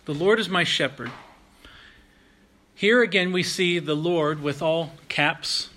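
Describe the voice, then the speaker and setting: A man preaching a sermon in an earnest, measured way, slowing down and pausing to stress key phrases. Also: fairly high pitch, sharp tone. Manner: earnest, measured preaching with slow emphatic pauses. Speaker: pastor.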